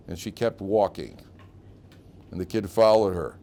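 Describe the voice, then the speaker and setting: A middle-aged rabbi lectures his class in a low, conversational voice, winding through stories and repeating his phrases. He keeps checking in with the room. A faint noise sits under the recording. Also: moderate pace, warm tone. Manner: chatty storyteller, repeats phrases, asks the class questions.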